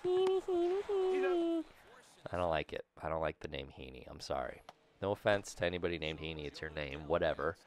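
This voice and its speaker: A man giving casual, rambling commentary over a baseball video game, goofy with sudden excited outbursts. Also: very deep voice, fast. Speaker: gaming YouTuber.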